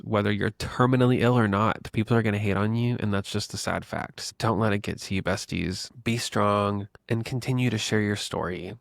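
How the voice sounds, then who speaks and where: A man's voice: lowish voice, gravelly, no echo, studio quality. A young man hosting his own podcast, telling a personal story in a chatty, casual way and calling his listeners "besties". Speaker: podcast host. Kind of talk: casual solo podcast talk.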